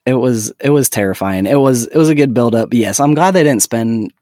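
A man's voice: medium pitch, expressive, fairly quick, dark tone, no echo, studio quality. A man in his thirties co-hosting a podcast, chatting casually and gushing about a show with many fillers. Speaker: podcast co-host. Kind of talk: casual chat.

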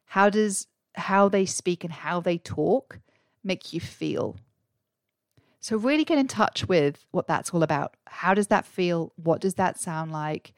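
A woman hosting a solo podcast in an earnest coaching manner, leaning on rhetorical questions. Her voice sits a little low. The sound is dry, with no room echo. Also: measured pace. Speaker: podcast host and career coach. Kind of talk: solo podcast advice talk.

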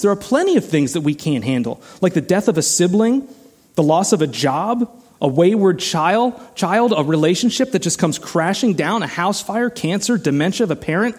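A man's voice: sits high, big pitch swings, moderate pace, darkish tone, slightly rough. A man preaching a sermon as a pastor, earnest and conversational, often saying "like" and repeating words as he goes.

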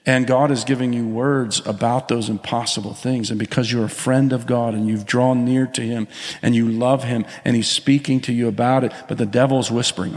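A man's voice: mid-range voice, brisk. Preaching man in an echoing church hall. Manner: animated preaching with call-outs to the congregation. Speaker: pastor. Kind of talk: sermon. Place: church sanctuary. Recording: long hall reverb.

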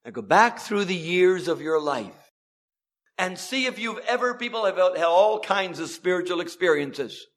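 A man preaching an evangelistic sermon, switching between loud emphatic lines and low, quiet asides, and spelling words out slowly for emphasis. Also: animated.

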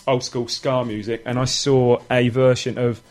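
A man's voice: mid-range voice, level tone, moderate pace, darkish tone. Rambling male football pundit. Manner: rambling, many fillers and restarts, agreeable. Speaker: panel pundit. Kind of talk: casual studio chat.

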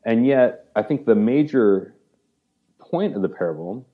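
A man's voice: mid-range voice, a little slow, phone-quality sound. A man talking as a guest in a conversational interview. He retells a parable with animation, acts out the lines of its characters and uses "like" often. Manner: animated storyteller, acts out quoted speech, many "like"s.

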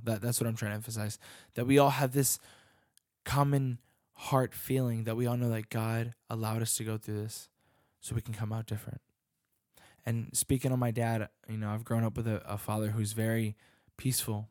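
A man's voice: mid-range voice, darkish tone, no echo. Earnest young man preaching, dry sound. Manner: earnest, searching, with frequent restarts. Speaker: youth pastor and worship leader. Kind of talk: sermon.

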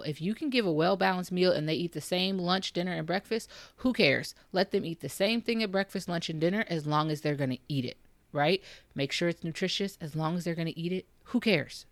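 A young mother talks straight to other moms, giving practical tips in a casual, reassuring way. Her voice sits a little low, and the sound is dry and close, with no room echo. She keeps her tone direct and upbeat, like a friend sharing what worked for her. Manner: encouraging, direct, addresses moms. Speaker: parenting vlogger. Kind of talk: casual advice talk to camera.

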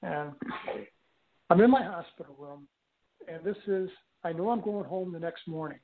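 An older man telling a personal story in an interview, speaking haltingly with frequent restarts and fillers. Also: sits high. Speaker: guest recounting an experience. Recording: tinny phone-line audio.

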